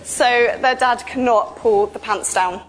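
Chatty woman preaching, slightly high voice. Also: measured pace, a little hiss or hum. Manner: chatty, animated storytelling with asides. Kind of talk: informal sermon.

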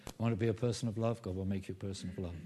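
A man preaching a sermon as pastor, emphatic, rising loud on key phrases and dropping low to make a point. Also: steady tone, racing, a little hiss or hum.

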